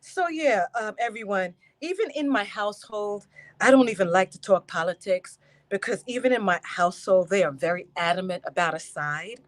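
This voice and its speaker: A woman hosting a casual live stream, animated and laughing, greeting her chat by name. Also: medium pitch, moderate pace.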